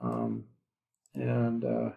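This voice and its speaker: A man's voice: medium pitch, big pitch swings, drawn-out words, creaky, phone-quality sound. A man teaching a geography class in a recorded lecture, rambling with lots of fillers and asides. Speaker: geography instructor.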